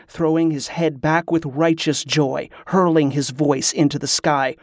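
A man narrating a fantasy novel in a steady, measured way. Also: a little high, no echo, studio quality. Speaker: audiobook narrator.

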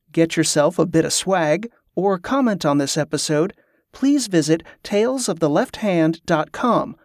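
A man narrating his own fantasy audiobook in a steady, measured way. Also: fairly high pitch, no room sound, clean studio sound. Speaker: author and narrator.

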